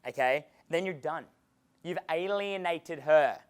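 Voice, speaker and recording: A man with a slightly high, fairly bright voice and a moderate pace gives a seminar lecture on dating as a coach. The tone is easygoing and chatty; he swears without hesitation and laughs at his own tales.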